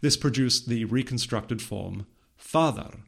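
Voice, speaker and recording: A man narrating a scripted educational episode in a measured lecturing manner with light humor. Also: mid-range voice, vocal fry. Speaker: podcast host explaining linguistics history.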